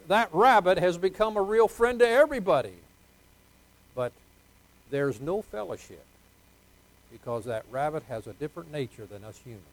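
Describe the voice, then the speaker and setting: An older man preaching a sermon, swinging between soft asides and loud emphatic points, with folksy jokes. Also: on the high side, no room sound, rough recording. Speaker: pastor.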